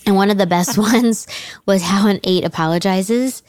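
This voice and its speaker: A woman's voice: mid-range voice, normal speed, darkish tone, no room sound. A middle-aged woman on her church's teaching team, talking candidly and with self-deprecating humor in a casual podcast conversation, laughing often.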